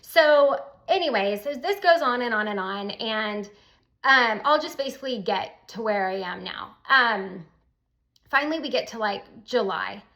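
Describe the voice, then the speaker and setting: A woman telling her personal story in a casual, animated, emphatic way. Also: a little high, a little slow. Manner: animated, emphatic, with Southern "y'all".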